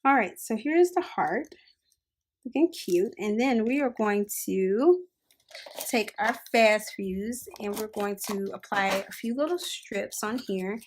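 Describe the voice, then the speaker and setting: A woman hosts a crafting tutorial, a casual how-to demonstration in which she chats upbeat and relaxed as she works with her hands. Her voice is mid-range, her pace slow, with slight background noise.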